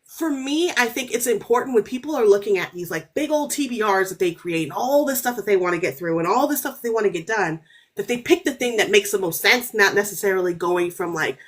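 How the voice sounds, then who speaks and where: An author guest in her thirties speaks briskly at a medium pitch while telling a story on a podcast. Casual and animated, she keeps saying "like" and "right?", and her voice climbs whenever she gets excited.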